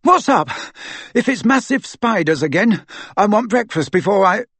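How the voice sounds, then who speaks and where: Jumpy teenage boy, voiced by a man, high, blurting, storybook reading, husky tone. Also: normal speed, no echo, heavily acted. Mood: excited. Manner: excited, blurting. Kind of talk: audiobook character voice.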